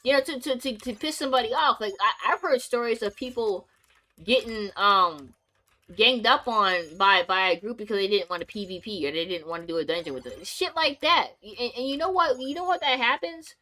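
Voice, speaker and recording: A young woman with a bright, slightly high voice rants to camera about her gaming community. She swears freely, piles up repetitions and jumps in pitch when she gets heated. It sounds like a casual, unscripted streamer vlog. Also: brisk. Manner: heated, profane, emphatic with rising outbursts.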